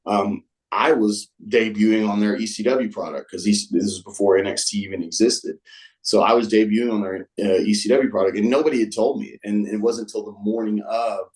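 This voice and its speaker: A man with a fairly low voice, telling stories as a guest on a show. His speech is casual and rambling. He restarts sentences often and leans on fillers like "um" and "like.". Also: brisk, darkish tone, low-quality recording. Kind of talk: casual storytelling.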